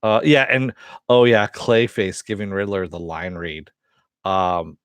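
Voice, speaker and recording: A man hosting a casual spoken review of an animated series, rambling with many fillers, laughing often and swearing with enthusiasm. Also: on the low side, a little slow, smooth, no room sound, studio quality. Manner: profane and enthusiastic.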